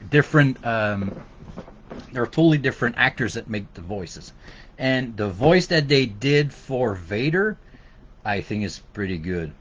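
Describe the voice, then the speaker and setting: A man's voice: medium pitch, lively intonation, unhurried, a bit bright, muffled recording, a little hiss or hum. Bilingual man with a Québécois accent. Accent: Québécois French. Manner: switches between English and French, many fillers and restarts. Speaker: podcast host. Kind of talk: casual bilingual podcast chat.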